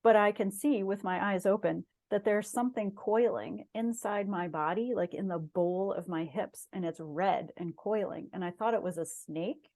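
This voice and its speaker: A woman's voice: mid-range voice, normal speed, hardly any pauses, a little mellow. A middle-aged woman, a guest on an interview show, earnestly telling a personal story in casual conversation. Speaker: guest, shaman and massage therapist.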